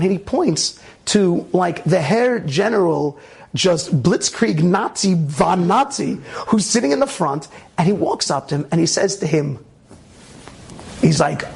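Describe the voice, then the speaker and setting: A man with a raspy voice telling a Torah story in a lively way, with restarts and sound effects. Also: high-pitched, measured pace. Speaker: Torah speaker. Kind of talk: animated storytelling talk.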